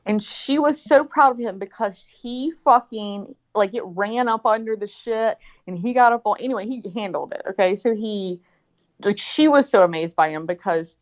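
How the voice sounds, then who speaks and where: A middle-aged woman telling a story in casual chat, animated and profane, acting out what people said. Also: mid-range voice, normal speed. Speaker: guest. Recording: dull lo-fi sound.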